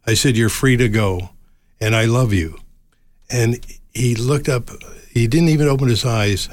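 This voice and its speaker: An older man guest telling a personal story in a soft, reflective, halting way. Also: lowish voice, dry recording.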